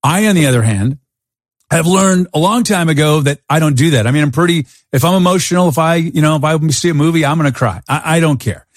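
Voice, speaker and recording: A man hosting a podcast, telling stories in a casual, animated way and acting out his own thoughts. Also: a little high, fast talker, dry recording, studio quality. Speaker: podcast host. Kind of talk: storytelling in a casual interview. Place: Arizona.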